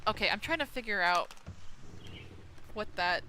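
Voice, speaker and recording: A woman's voice: medium pitch, lively intonation, unhurried, bright, forceful tone, a little hiss or hum. A woman streaming a game in casual chat, thinking aloud, asking her chat questions and gushing over cute things. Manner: gushing and easily delighted. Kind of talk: casual gameplay commentary.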